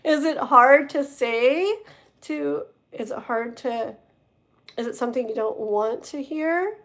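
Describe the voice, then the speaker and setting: Woman reading tarot on a live stream, kinda high voice, rambles and trips over words. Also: slow. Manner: talks straight to the viewer. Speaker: tarot reader.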